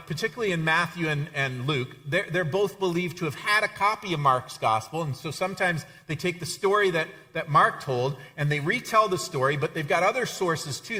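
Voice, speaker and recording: A male pastor delivers a conversational sermon with a bright, forceful voice. He often stumbles into repeated words as he restarts his sentences. His pitch sits somewhat high for a man. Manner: conversational, frequent stammered repeats.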